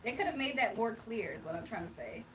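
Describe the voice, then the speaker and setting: A woman's voice: mid-range voice, very animated, quick pace, fairly bright tone, recorded from a distance, slight background noise. A woman from Virginia hosting a casual livestream, chatting loosely and reading out viewer comments. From Virginia, USA. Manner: chatty, laughs often, reads chat aloud. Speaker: livestream host.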